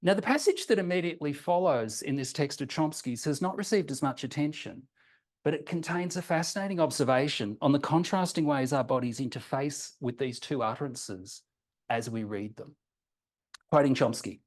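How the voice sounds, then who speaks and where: A man presenting a prepared academic seminar paper, reading it in a measured way and slowing down deliberately for quoted examples. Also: on the high side, darkish tone. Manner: measured, reads quotations slowly and deliberately.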